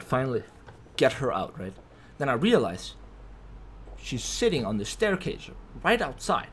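A young man recounts a story for his vlog in a lively voice that swings high and low. His delivery is animated and full of swearing, and he keeps tacking on "right?". There is a faint hiss of noise behind him. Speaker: vlogger.

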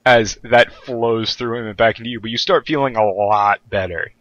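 A man's voice: fairly low pitch, moderate pace, a bit bright, no echo, highs cut off. A man narrating as game master of a tabletop game, joking and laughing often with his players.

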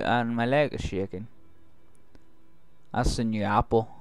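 A man's voice: mid-range voice, steady tone, unhurried, clean tone, dry recording. A man recording let's play commentary, joking and talking back to the game's characters. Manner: jokey, talks back to game characters. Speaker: gaming video host.

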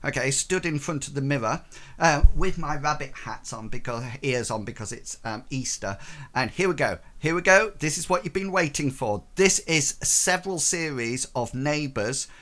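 Lively, bright-voiced man streaming. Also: medium pitch, moderate pace. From United Kingdom. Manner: playful, self-mocking, chatty. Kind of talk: casual game stream chat.

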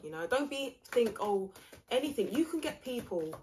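A woman's voice: on the high side, very animated, moderate pace, a little mellow, slight background noise. A woman giving a casual tarot reading, rambling, blunt and mocking. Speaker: tarot reader.

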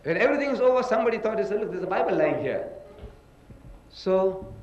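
A man's voice: high-pitched, animated, fast, a little mellow, a little hiss or hum, low-quality recording. An older man giving a public religious lecture, emphatic and full of rhetorical questions. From South Africa.

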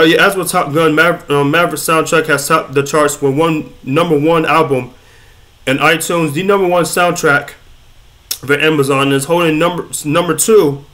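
Excitable young man with a slightly high voice. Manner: excitable, rambling, slangy, stumbles over words. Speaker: YouTube news host. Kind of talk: casual news commentary vlog.

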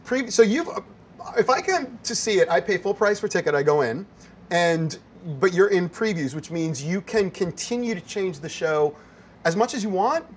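A man's voice: high-pitched, expressive, moderate pace, slight background noise. A man hosting a talk show from behind a bar, asking questions in an enthusiastic, upbeat way. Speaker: host. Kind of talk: casual interview chat. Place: bar set.

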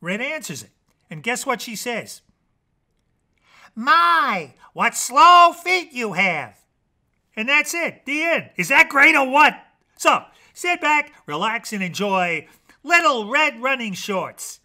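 A man's voice: very high-pitched, big pitch swings, a little slow, bright, forceful tone, voice pushed up, heavily acted. A man voicing an eager, boastful male storyteller character who rambles on, hyping up his own tale. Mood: excited. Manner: eager, rambling, breathless hype.

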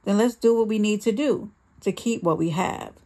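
Jealous abusive man read by a woman, volatile, gravelly edge. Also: medium pitch, normal speed, lightly acted. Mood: pleading. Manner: swings between shouting rage and pleading.

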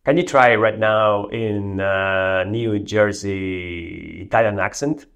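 A man's voice: lowish voice, takes it slowly, creaky, a bit bright, clear, resonant tone, dull audio. A man hosting a tech video, casually walking through a demo and giving spoken prompts to an AI assistant. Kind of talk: casual screen demo narration.

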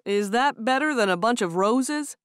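A woman narrator voicing a steady, playful young Amish man who speaks firmly. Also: on the high side, normal speed, no echo, clean studio sound, lightly acted. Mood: warm. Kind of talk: audiobook character voice.

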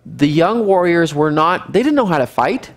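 A man teaching a midweek Bible study in an animated way, chuckling and acting out the characters. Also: on the high side, normal speed.

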